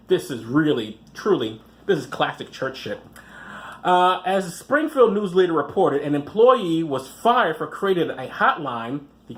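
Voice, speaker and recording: A man hosting a podcast, reading news articles aloud and breaking in with sarcastic, profane asides. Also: on the high side. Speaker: podcast host. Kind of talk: casual commentary reading news.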